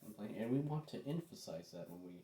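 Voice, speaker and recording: A man teaching a drawing lesson, talking through each step as he draws and often dropping to a soft, low voice. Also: a little fast. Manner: relaxed, thinking aloud while drawing, often soft and low. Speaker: art teacher. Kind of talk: drawing demonstration. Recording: echoey room, faint background noise.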